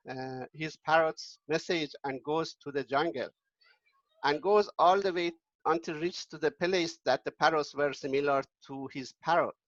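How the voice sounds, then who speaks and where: A man telling a traditional story casually, halting with frequent restarts. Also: a little high, no echo, muffled recording. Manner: halting, with many restarts and fillers.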